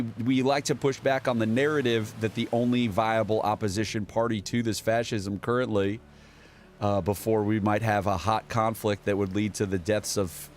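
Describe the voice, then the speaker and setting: A man with a lowish voice rambles through political news with biting sarcasm, reading headlines aloud and talking back at them. A faint hiss of noise sits under the recording. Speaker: political commentary streamer. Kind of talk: casual political commentary.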